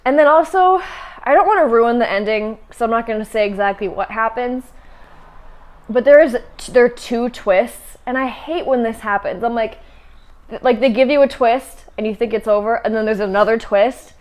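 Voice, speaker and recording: A woman's voice: fairly high pitch, moderate pace. A young woman casually chatting about books she has read, with many fillers and restarts. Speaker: book vlogger. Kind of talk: casual chat.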